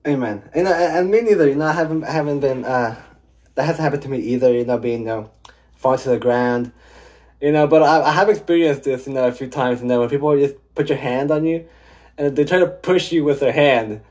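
A man in a middle pitch closes out a faith podcast with casual, rambling remarks. He fills his pauses with "you know" and "uh." His delivery is loose and conversational. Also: darkish tone. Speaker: podcast co-host.

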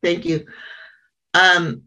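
A middle-aged woman sharing her story at a small meeting, halting and earnest, with frequent pauses and restarts. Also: on the low side, flat delivery, bright, forceful tone, poor audio. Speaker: member sharing at a support meeting. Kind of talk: personal share at a small meeting.

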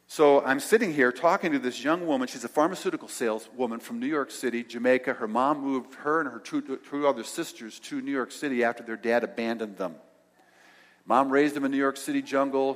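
An older male pastor telling a story in a sermon, acting out the dialogue and dropping to soft tones. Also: mid-range voice. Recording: long hall reverb.

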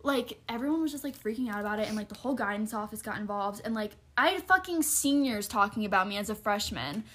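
A woman's voice: mid-range voice, lively intonation, fast talker, a bit bright. A young woman telling a personal story on a casual podcast, rambling with lots of fillers and frank, profane asides.

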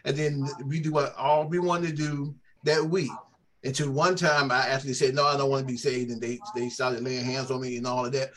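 A man's voice: mid-range voice, flat delivery, normal speed, a bit bright. A man who is a church elder, explaining scripture step by step in a Bible study discussion.

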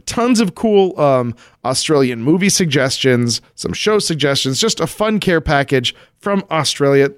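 A man's voice: fairly high pitch, animated, a little slow, few pauses, dry recording. Man, podcast co-host, casual chat, laughs a lot, dry studio sound. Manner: upbeat, laughs often. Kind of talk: casual chat reading listener mail.

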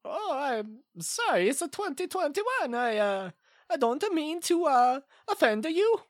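A man voicing a bumbling, scheming Swedish man in a put-on Swedish accent and broken, halting English. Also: very high-pitched, big pitch swings, no echo, studio quality, exaggerated voice. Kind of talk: comedic improvised call-in character.

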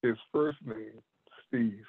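A man who is a martial arts master, telling stories about his mentor in an animated way and laughing often. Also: fairly low pitch, slow, gravelly, husky. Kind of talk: storytelling in a conversation. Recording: tinny phone-like line.

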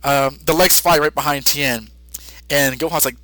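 A man's voice: a little high, normal speed, pushed and bright, no room sound, rough recording. A man co-hosting a podcast, casually recapping a story with lots of fillers and frequent laughs. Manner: chatty, many fillers, laughs often. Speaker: podcast co-host.

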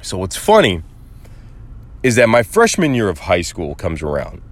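A man's voice: low voice, moderate pace. A young man from Arizona telling a casual story on his podcast, swearing freely and acting out the people in it. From Arizona, USA. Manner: animated, acts out quoted voices, swears casually. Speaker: podcast host.

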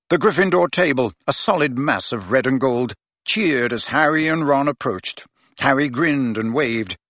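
Man, audiobook narrator, expressive, lively intonation, dry close mic. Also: mid-range voice, no echo. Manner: expressive storytelling. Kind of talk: scripted narration.

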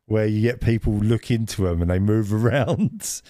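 A man with a fairly low voice chats casually on a podcast, wandering through his stories with frequent laughter. The sound is close and dry. He talks in a relaxed, meandering way. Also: normal speed, no echo. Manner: rambling storyteller who laughs often. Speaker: podcast co-host.

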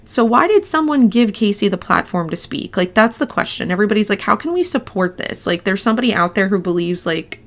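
A woman's voice: on the low side, a bit bright. A young woman hosting a casual true-crime podcast, chatty and full of "like" and "you know". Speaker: podcast host.

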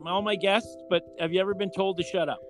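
A middle-aged man hosts a relaxed family podcast in a fairly high voice, teasing his guests and stumbling into restarts. Music plays clearly behind him. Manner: joking, teasing, halting restarts. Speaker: podcast host. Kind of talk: casual family chat.

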